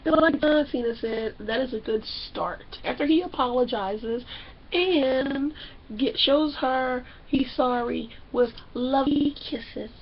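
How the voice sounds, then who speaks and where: A young woman vlogger recapping a reality show in a loud, sassy, animated way, acting out the people she talks about. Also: high-pitched, slow, lo-fi sound, a little hiss or hum. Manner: loud, sassy, acts out characters. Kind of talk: animated casual recap with acted-out quotes.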